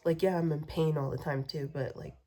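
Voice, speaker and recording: A woman's voice: sits low, fairly even intonation, a little fast, dark tone. A woman venting in a rambling vlog rant, swearing a lot, repeating herself and dropping into whispers. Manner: profane, repetitive venting, drops to whispers. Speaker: vlogger.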